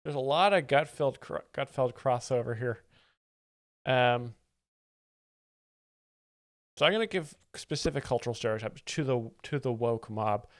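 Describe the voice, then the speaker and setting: A man hosts a live comedy stream, delivering his asides with a deadpan, ironic edge. His voice sits at an everyday middle pitch. The room around him is dry, with no echo. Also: a little slow, long pauses. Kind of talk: satirical live-stream commentary.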